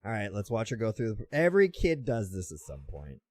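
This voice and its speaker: A man's voice: fairly low pitch, huge pitch swings, fairly quick, darkish tone, dry recording. A man gives casual reaction commentary over clips, teasing and chuckling as he goes. His voice moves up and down a lot. The sound is dry and close, with no room in it. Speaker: reaction video host.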